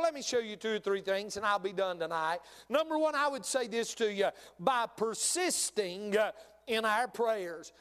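Here the same kind of sermon rings through the church: a middle-aged man, folksy and fond of repeating phrases, peppers his talk with "uh" and breaks into rising emphatic bursts. The voice is high and fairly bright, trailing long reverb.

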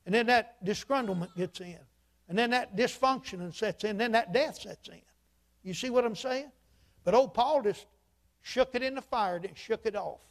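A man's voice: high voice, normal speed. A man preaching a sermon. He tells folksy stories, repeats "he said", and builds to emphatic points. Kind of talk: sermon storytelling.

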